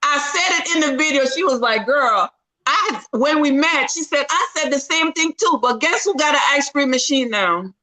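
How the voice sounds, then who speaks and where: A woman with a Jamaican accent chatting on a video call, playful and teasing, often loud and animated. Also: sits high, moderate pace, low-quality recording. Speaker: party guest. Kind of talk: casual chat.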